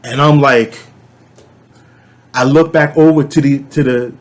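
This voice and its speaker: Guy telling his dream story, rambly, lots of ums, mid pitch. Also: a little slow. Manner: animated storyteller, shouts when reenacting; rambling, many fillers and restarts. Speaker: channel host. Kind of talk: casual dream retelling.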